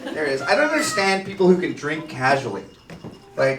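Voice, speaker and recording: A man's voice: on the high side, very animated, a little fast, fairly bright tone, reverberant, recorded from a distance, a little hiss or hum. A Canadian man doing a crude, rowdy stand-up comedy set on a sports bar stage. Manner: crude, rowdy storytelling with lots of swearing.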